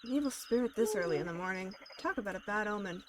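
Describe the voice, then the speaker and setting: A woman voicing a gruff, dry male exorcist in a game, speaking lower and curtly. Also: expressive, quick pace, background noise, natural voice.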